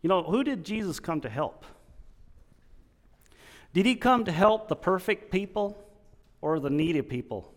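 A man preaching a sermon in an earnest, halting way, restarting his sentences often. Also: sits high, lively intonation, long reverb tail.

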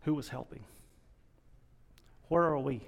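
A man preaching a sermon in an earnest, halting way, restarting his sentences often. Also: medium pitch, big-room sound.

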